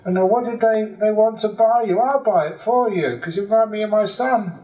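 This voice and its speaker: A man's voice: high voice, fairly quick, highs cut off, voice pushed up, lightly acted. A man voicing a grief-stricken wealthy father who weeps and pleads, recorded in a roomy hall from a distance. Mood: tender, coaxing. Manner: wailing, pleading.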